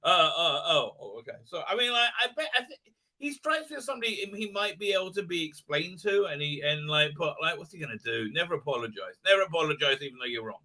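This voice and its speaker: Middle-aged man, high bright voice, rambling blunt live-stream host. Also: lively intonation, fast. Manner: rambling, many fillers, jokey and blunt. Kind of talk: casual live-stream commentary.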